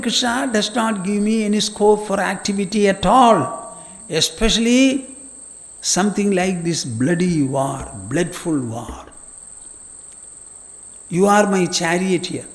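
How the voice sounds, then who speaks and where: A troubled young warrior prince pleads with his charioteer for guidance, his high voice carried by a long reverb that trails into a large hall. The questions come slowly and earnestly, as an elderly man acts the prince out while teaching. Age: older.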